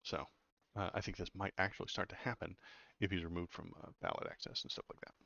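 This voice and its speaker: A man's voice: deep voice, fairly even intonation, fast, creaky, sharp tone, dry recording, lo-fi sound. A man hosting casual political commentary, blunt and sarcastic, sometimes stumbling over words.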